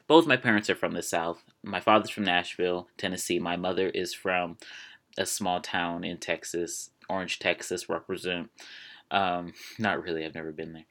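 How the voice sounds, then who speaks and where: A man's voice: lowish voice, a bit bright. A man in his twenties hosting a casual solo show, rambling along with jokey asides. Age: 20s. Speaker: podcast host.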